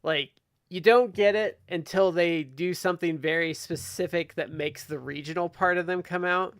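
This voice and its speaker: A man's voice: high-pitched, fairly even intonation, moderate pace, fairly bright tone, clear, resonant tone, dry recording. A man from Ohio hosting a casual podcast chat, rambling along with lots of "like" and restarts. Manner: rambling, heavy use of "like" and restarts. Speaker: podcast host.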